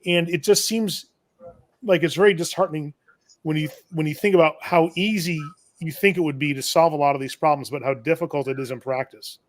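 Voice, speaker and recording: A man's voice: fairly high pitch, a little fast. A man co-hosting a live shop-talk stream, musing reflectively with the odd chuckle. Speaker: podcast co-host. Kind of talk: casual shop talk livestream.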